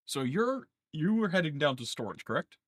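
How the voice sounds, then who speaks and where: A man's voice: a little high, very animated, normal speed, a bit bright, dry recording, studio quality. A man narrating a tabletop game as game master, casual with plenty of fillers. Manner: casual, laughing, lots of uh fillers.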